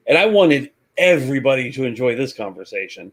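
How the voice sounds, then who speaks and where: A man on a talk show, telling a lively anecdote and acting out the voices. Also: medium pitch, brisk. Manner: animated, acts out voices in anecdotes. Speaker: guest, reseller. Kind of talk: casual storytelling.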